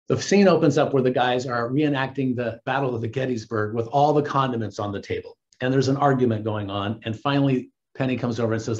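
A man working as a dating coach, giving casual, earnest advice and calling his listeners guys and gentlemen. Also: mid-range voice, brisk, few pauses, muffled recording.

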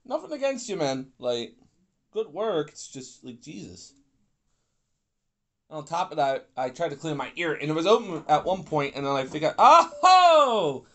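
This gaming YouTuber, a young man, grumbles and rambles through an online pool match, cursing and griping at the people he's up against. His casual commentary comes in a slightly high, expressive voice at an ordinary pace.

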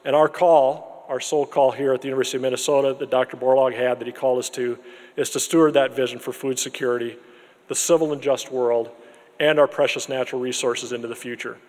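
A man at a podium in a big room, mid-pitched, earnest and measured, often restarting his phrases. His voice rings with a long hall reverb behind it. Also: fairly even intonation, darkish tone. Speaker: interim dean hosting a university celebration. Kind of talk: formal event remarks and speaker introduction. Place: large lecture room with an audience.

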